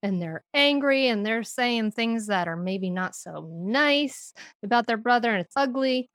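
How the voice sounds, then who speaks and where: A woman's voice: medium pitch, clean tone, no room sound, clean studio sound. Earnest woman explaining parenting ideas. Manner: earnest, explanatory, laughs now and then. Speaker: guest, parenting expert. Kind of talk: podcast interview.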